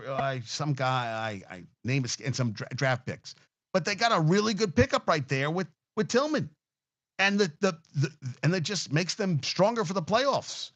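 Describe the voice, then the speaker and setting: A man's voice: a little high, fairly bright tone. A man hosting a sports talk show, ranting casually and heatedly with lots of swearing and restarts. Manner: profane, heated, rambling with restarts.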